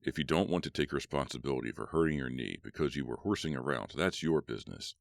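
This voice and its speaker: A man voicing a gruff, strict male high school basketball coach who barks his orders. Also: animated, quick pace, dry recording, studio quality, full character voice. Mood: stern. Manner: barking, stern.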